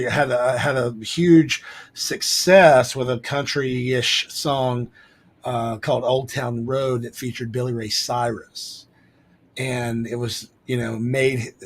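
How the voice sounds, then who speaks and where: A man's voice: mid-range voice, fairly even intonation, slow, slight background noise. A man co-hosting a podcast in casual chat over a remote call, rambling with lots of fillers and restarts. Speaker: podcast co-host.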